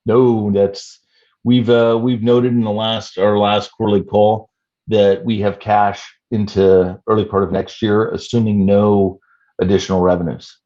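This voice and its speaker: A man in his fifties, a startup CEO answering interview questions in a measured way with many "you know" fillers. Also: lowish voice, little pitch movement, warm tone, highs cut off. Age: 50s.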